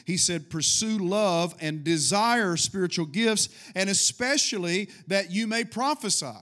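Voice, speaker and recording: A man's voice: high voice, a bit bright. A middle-aged man preaching a fervent sermon to his congregation and calling for responses. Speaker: pastor.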